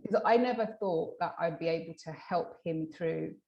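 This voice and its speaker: A woman hypnotherapist in a casual interview, telling a client story with lively acted-out quotes and frequent restarts. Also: low-pitched, moderate pace, creaky, dull audio. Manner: animated, acts out quoted dialogue; many fillers and restarts. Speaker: hypnotherapist guest.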